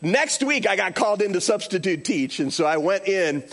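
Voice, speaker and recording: A man's voice: sits high, normal speed. A middle-aged male pastor preaching a sermon, telling stories with acted-out quotes. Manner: animated storytelling with acted-out quotes.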